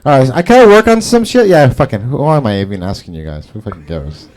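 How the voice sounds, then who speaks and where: A male comedian works a small garage crowd with rambling, profane, self-mocking asides. His pitch jumps around a lot as he talks. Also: very animated, quick pace, a little mellow. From Salvadoran and Brazilian heritage. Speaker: stand-up comedian. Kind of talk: stand-up set at an open mic.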